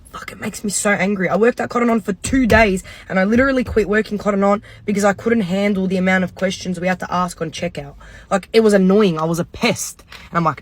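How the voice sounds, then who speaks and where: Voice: medium pitch, a little fast, no echo. A speaker, telling a casual storytime rant about shopping, swearing and exasperated. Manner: exasperated, swearing, mimics others.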